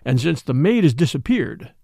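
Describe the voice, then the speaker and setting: A soothing, apologetic police official, voiced by a male reader, formal and courteous in every phrase. The voice has a gravelly texture and lively pitch, recorded close and dry in an audiobook. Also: moderate pace, no echo, heavily acted.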